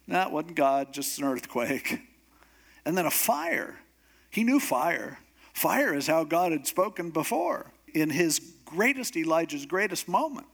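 Animated, humorous man preaching a sermon. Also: fairly high pitch. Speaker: pastor.

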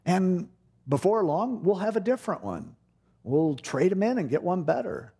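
A middle-aged man preaching a sermon, telling a personal story with animated delivery and acting out the voices in it. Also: high-pitched, normal speed, husky. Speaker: pastor.

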